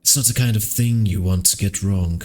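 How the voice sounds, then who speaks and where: A man voicing a deadpan young reporter in a visual novel, flat and measured. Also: on the low side, faint music behind, close to an everyday voice.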